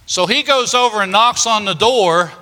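Folksy preacher, high and bright. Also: male voice, normal speed. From Kentucky, United States. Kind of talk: storytelling sermon. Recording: long reverb of a large hall.

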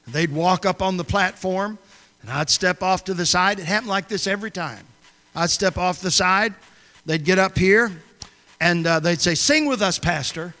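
Folksy pastor, slightly high voice, echoing church. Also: male voice, moderate pace, sharp tone. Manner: folksy, conversational storytelling. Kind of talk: storytelling sermon. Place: church sanctuary. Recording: long reverb of a church hall.

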